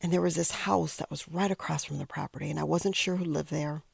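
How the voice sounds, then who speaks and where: A middle-aged woman hosting a podcast shares a personal story, reflective and emotional, her low voice heavy with gravelly fry. She pauses often and sometimes sinks to a near whisper, her intonation fairly even. The recording is close and dry, with no room sound.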